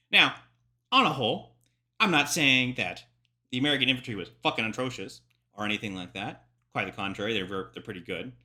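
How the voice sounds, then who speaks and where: A man casually reacting to a history documentary, explaining with frequent swearing and side remarks. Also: medium pitch. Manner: profane, animated, digressive explainer. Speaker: military history reaction host.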